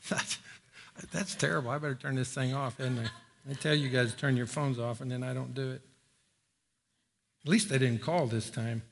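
A middle-aged man preaching a sermon in a church, folksy and joking, climbing higher when he presses a point. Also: creaky, slight background noise. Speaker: pastor. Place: church sanctuary.

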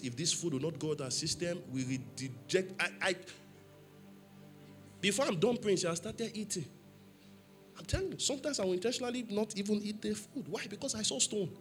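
A man's voice: on the high side, a little fast, soft background music. A man preaching a sermon in church, emphatic, asking the congregation questions for them to answer. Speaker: pastor.

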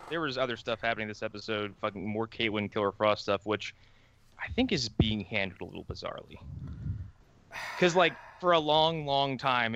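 A man co-hosting a podcast in loose, casual chat. His voice is bright and forceful, and he swears freely and sounds exasperated as he jokes around. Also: on the low side, smooth, dull audio. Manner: profane, exasperated, quick jokes. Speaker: podcast co-host.

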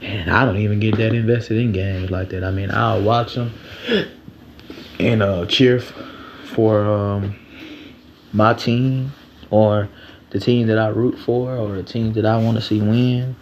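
A man's voice: on the low side, steady tone, a little slow, pauses often, dull audio, slight background noise. A man hosting a solo sports podcast, talking loosely and rambling, with lots of slang and swearing.

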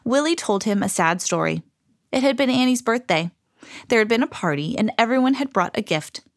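A woman reading a children's storybook aloud in an expressive, animated way. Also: fairly high pitch, a little fast, no echo, clean studio sound.

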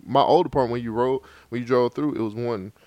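A man's voice: mid-range voice, fast, a little mellow, no echo. A man telling a long, profane story in casual chat on a podcast, as a co-host.

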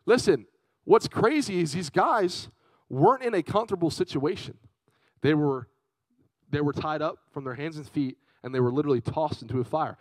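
Animated young male youth preacher. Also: a little high, moderate pace, no echo, rough recording. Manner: animated storytelling, swings from loud to hushed. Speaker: youth pastor. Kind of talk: energetic youth sermon.

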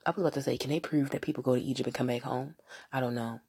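A woman talks alone on her own podcast, rambling and swearing while she mocks other people in put-on voices. Her voice sits very low and is rough with vocal fry and a husky edge. She sounds a little high. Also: very fast. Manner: profane, rambling, animated with mocking voices. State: partially high. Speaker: podcast host. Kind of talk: casual solo podcast rant.

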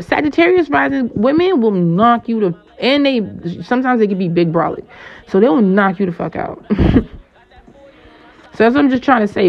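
A woman's voice: sits high, vocal fry, dull audio. A woman astrologer talking casually and at length, full of slang and swearing, with frequent laughs. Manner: rambling, slangy and profane, laughs often.

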